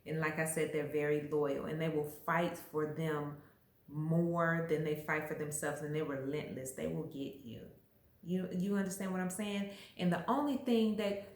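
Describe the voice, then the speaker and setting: A woman's voice: deep voice, normal speed. A woman vlogger explaining astrology in a casual, emphatic, chatty way. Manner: chatty, emphatic, acts out little quoted voices. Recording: echoey room.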